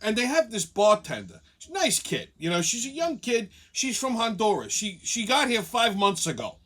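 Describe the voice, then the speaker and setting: A man's voice: sits high, very animated, moderate pace, a bit bright. A man hosting a show, telling a rambling comic story full of profanity. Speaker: show host.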